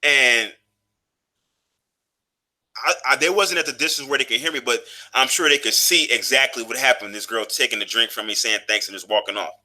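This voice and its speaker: A man's voice: mid-range voice, pushed and bright. A man in his thirties telling a personal story in a loose, profane, casual monologue, full of fillers and restarts. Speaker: vlogger.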